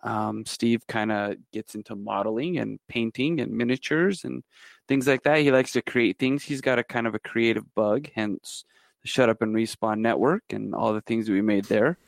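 Gravelly-voiced man, casual podcast host. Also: on the low side, normal speed, no echo, studio quality. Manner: jokey, rambling explanations.

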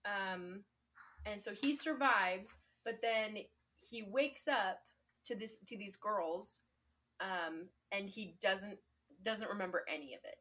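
A woman's voice: medium pitch, slow, sharp tone. A young woman in casual conversation on a podcast, retelling a tale in a chatty way. She leans on "like" and fillers as she goes and laughs often. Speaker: podcast co-host. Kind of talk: casual chat.

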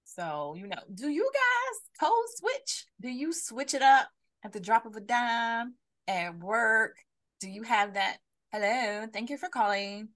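A woman's voice: on the high side, sing-song, slow, fairly bright tone. A woman co-hosting a live podcast, talking bluntly and animatedly and putting questions to her listeners over a video call. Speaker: podcast co-host. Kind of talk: casual chat on a live stream.

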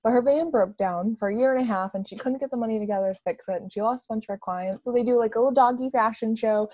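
A woman's voice: a little high, fast, dark tone, no room sound, lo-fi sound. A woman chatting casually and gushing enthusiastically, with lots of "like" fillers. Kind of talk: casual chat.

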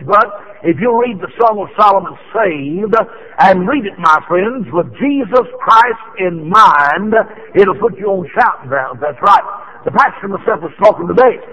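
An older man from Tennessee, preaching a revival sermon with fervent rises into shouts and frequent "uh" fillers. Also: high-pitched, muffled recording. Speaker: evangelist preacher.

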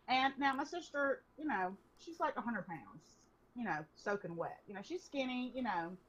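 Husky woman telling a profane story. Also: a little high, lively intonation, moderate pace, fairly bright tone. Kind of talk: casual chat. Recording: dull lo-fi recording.

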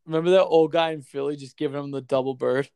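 Excitable, foul-mouthed sports podcast host. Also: male voice, fairly high pitch, quick pace, creaky, clear, resonant tone, no room sound. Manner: profane, excitable banter. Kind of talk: casual sports chat.

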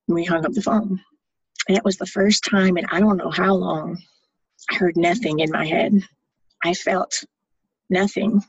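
A woman's voice: fairly low pitch, steady tone, moderate pace, pauses often, husky, no echo, muffled recording. A middle-aged woman giving candid, plain-spoken personal testimony. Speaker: storyteller.

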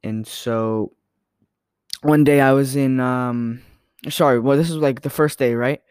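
A man's voice: mid-range voice, steady tone, a little slow, darkish tone, smooth, dry recording. Young male podcaster, rambling casual storyteller, dry recording. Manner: rambling, filler-heavy, self-correcting. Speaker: podcast host.

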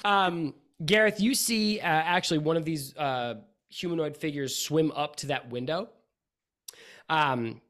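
Guy dming a tabletop game, slow scene narration, laughs a lot at the table. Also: medium pitch, fairly bright tone. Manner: laughs often, narrates slowly with pauses. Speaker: game master.

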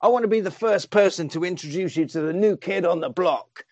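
A man's voice: high voice, a little fast, darkish tone, no room sound, highs cut off. A man voicing the smug villain Lex Luthor while retelling a film scene.

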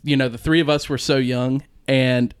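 A man's voice: medium pitch, moderate pace, clear, resonant tone, no echo, studio quality. A young man in casual chat, telling a childhood story with lots of laughter. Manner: animated, laughs often, acts out quoted voices.

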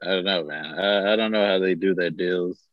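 A man's voice: deep voice, brisk, no echo, muffled recording. A man co-hosting casual sports talk, laid-back and chuckling.

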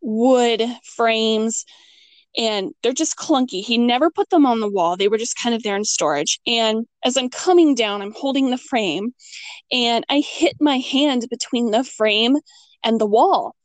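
A middle-aged woman telling a ghost story in casual chat, acting out her own quotes with big jumps in pitch. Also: unhurried, dry recording.

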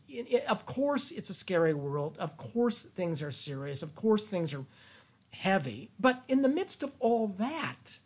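A man talking as a guest in a casual interview, playful and lively, with many restarts. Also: high voice, breathy edge. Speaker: guest, creative thinking consultant.

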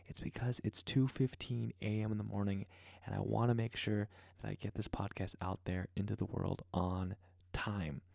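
A man hosting a podcast, talking fast and rambling through a playful off-the-cuff intro at home. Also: fairly low pitch, little pitch movement, creaky, darkish tone, no room sound, clean studio sound. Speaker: podcast host. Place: converted garage at home. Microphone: podcast microphone.

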